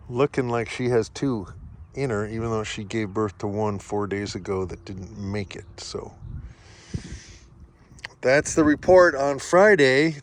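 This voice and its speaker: A man, a sheep farmer, chatting relaxed in a casual farm vlog outside in a pasture, talking to his animals, recorded on a handheld camera. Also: medium pitch. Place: outdoor pasture among solar panels. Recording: noisy outdoor recording.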